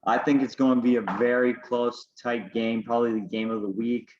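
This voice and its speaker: A man's voice: mid-range voice, flat delivery, a little fast, a little mellow. A man co-hosting a casual sports podcast, making confident picks and teasing his co-host. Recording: echoey lo-fi home recording.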